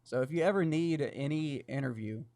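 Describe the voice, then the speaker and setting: A man co-hosting a podcast in casual chat, rambling from topic to topic, swearing often and laughing a lot, with a deep, crackly morning voice. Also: fairly quick, a little mellow, dry recording. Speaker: podcast co-host.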